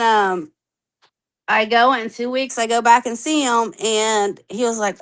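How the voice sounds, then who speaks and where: A woman in her thirties telling her own story candidly on a podcast, animated, acting out the voices she quotes and swearing freely. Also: on the high side, a little slow, clear, resonant tone, poor audio. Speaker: podcast guest.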